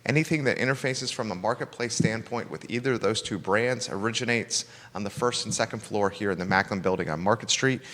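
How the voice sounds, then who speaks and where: Upbeat male talk-show host, bright voice, long studio reverb. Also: fairly low pitch, brisk, few pauses. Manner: upbeat, enthusiastic interviewer. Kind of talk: local business talk show. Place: studio with cameras.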